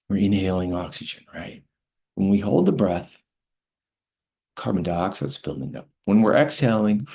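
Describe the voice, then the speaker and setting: A man teaching a lecture on calming the body. He is gentle, checks in often with "right?", and slows to a soft hush when he guides breathing. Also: sits low, gravelly. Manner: slows and softens to a hush while guiding breaths. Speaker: author and health teacher.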